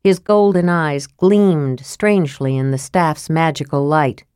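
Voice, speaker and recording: A woman narrating an audiobook in a steady, measured reading style. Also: low-pitched, clean tone, dry recording, studio quality.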